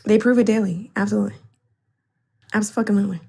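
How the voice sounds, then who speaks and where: A woman's voice: mid-range voice, steady tone, fast, gravelly, mellow, husky. A woman co-hosting a livestream in casual chat, blunt and profane, mocking people in the chat.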